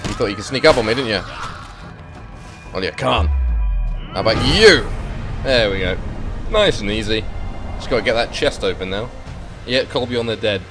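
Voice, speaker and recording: A man's voice: on the low side, fairly quick, pauses often, music in the background. A man hosting a let's play, commenting wryly and reading game text aloud. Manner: chatty, sweary, wry.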